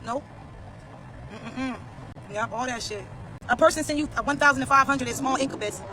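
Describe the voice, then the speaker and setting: A man's voice: extremely high pitch, normal speed, background noise. A man telling a casual storytime rant to his viewers, blunt, profane and slangy, repeating phrases as he talks. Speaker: vlogger.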